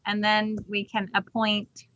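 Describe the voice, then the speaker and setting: A woman's voice: medium pitch, monotone, unhurried, a bit bright, muffled recording, slight background noise. A woman chairing an online meeting over a video call, explaining procedures step by step in casual talk.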